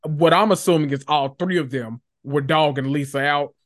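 A man's voice: on the high side, normal speed. A man co-hosting a casual gossip chat, laughing often and cutting in with short quips and agreements. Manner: laughing sidekick, interjecting quips. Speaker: podcast co-host.

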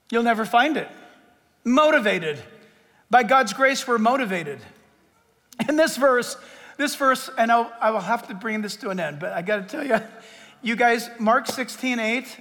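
A middle-aged male pastor preaching a sermon, emphatic and full of rhetorical questions, swinging between loud declarations and hushed asides. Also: very high voice. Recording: long reverb of a big hall.

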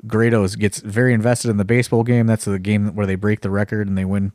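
A man's voice: lowish voice, flat delivery, fast, darkish tone, dry recording. A man co-hosting a casual podcast, telling a rambling story full of fillers and the odd swear word. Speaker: wrestling promoter and podcast co-host.

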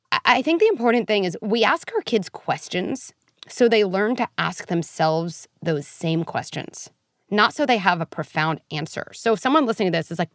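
A woman speaking as a guest on a podcast, talking quickly and with feeling about raising children. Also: mid-range voice, dry recording, studio quality. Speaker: guest expert on parenting. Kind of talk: podcast conversation.

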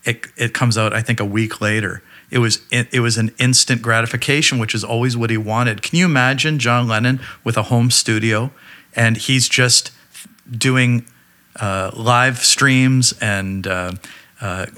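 Male expert guest, bright and forceful tone, eager and conversational. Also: mid-range voice, fairly even intonation, measured pace. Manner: enthusiastic, thinks aloud with fillers. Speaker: musicologist guest. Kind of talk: casual music chat.

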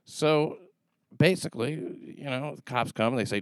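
A man's voice: mid-range voice, normal speed, clean tone, no echo. A man hosting a podcast, chatting casually with dry, sarcastic jokes. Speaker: podcast host.

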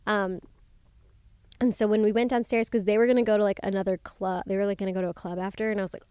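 A young woman hosting a casual solo podcast, candid and chatty, with lots of "like" and swearing, acting out quotes in high squeals. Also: steady tone, quick pace, darkish tone, smooth, no echo, clean studio sound. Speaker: podcast host.

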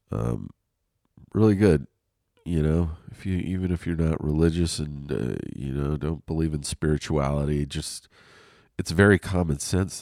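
Man, very low voice, stuffed-up nose, rambling podcast chat, cursing, dry close sound. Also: darkish tone, no echo. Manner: rambling, profane, self-deprecating. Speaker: podcast host. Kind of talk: casual solo podcast monologue. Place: lying on his couch at home.

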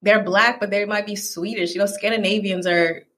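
A woman's voice: medium pitch, moderate pace. A Southern American woman talking casually as a podcast guest. She slips into the voices of the people she quotes as she tells her stories. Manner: animated storyteller who acts out quoted people. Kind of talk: casual conversation.

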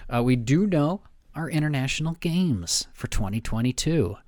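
A man's voice: medium pitch, animated, moderate pace, darkish tone, no room sound, clean studio sound. A man co-hosting a casual sports podcast, easygoing and often repeating words as he thinks aloud. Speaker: podcast co-host.

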